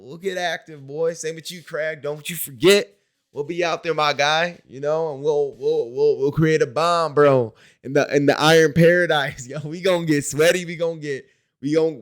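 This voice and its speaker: A man's voice: mid-range voice, smooth. A young man from Wisconsin talking casually to his camera in a diary-style vlog, rambling in slang and filling his talk with "like" and "you know". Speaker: vlogger.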